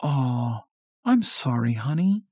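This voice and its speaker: A man voicing a stern, no-nonsense mother who briskly runs a family vote in a read-aloud horror story. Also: medium pitch, very animated, dry recording, clean studio sound, voice pushed up. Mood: sympathetic.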